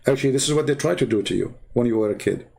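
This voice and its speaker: Guy ranting sarcastically to his viewers, raspy fry in his voice, lots of rhetorical questions. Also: mid-range voice, racing, darkish tone. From Arab Middle East. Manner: mocking, emphatic, rhetorical questions. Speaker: online commentator. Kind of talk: sarcastic monologue to camera.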